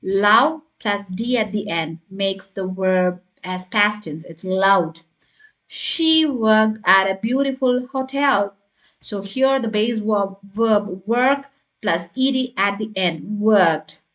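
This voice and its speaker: Slow, patient woman teaching grammar. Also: medium pitch, fairly bright tone, highs cut off. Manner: slow, patient, spells out letters and checks in with "right?". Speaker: English teacher. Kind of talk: grammar lesson.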